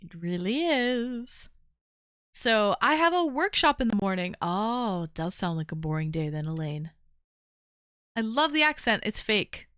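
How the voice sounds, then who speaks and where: A woman hosts a call-in livestream in a loose, chatty way, teasing her callers, and she sounds tired. Her voice is smooth and clear. The sound is close and dry. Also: medium pitch, big pitch swings, unhurried, a bit bright, no echo. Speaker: livestream call-in show host. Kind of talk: casual chat.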